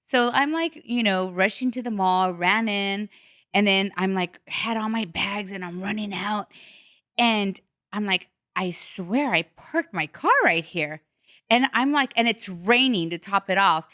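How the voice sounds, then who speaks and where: Animated woman telling a story, dry sound. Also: a little slow, dry recording. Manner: animated storyteller, acts out her own panicked lines with high pitch jumps. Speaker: podcast host. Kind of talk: casual chat.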